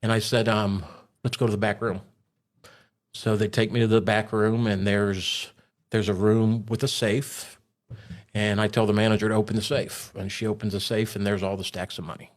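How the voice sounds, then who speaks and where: A man's voice: fairly low pitch, little pitch movement, normal speed. A man telling a story in a casual way, acting out the other voices as he retells it. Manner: acts out voices in his retelling. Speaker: storyteller recounting a robbery.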